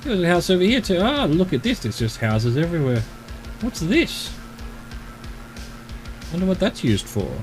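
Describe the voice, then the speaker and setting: A man's voice: sits high, sing-song, moderate pace, long pauses, soft background music. An Australian man streaming a game, chatting casually and rambling to himself as he explores. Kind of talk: casual live-stream commentary.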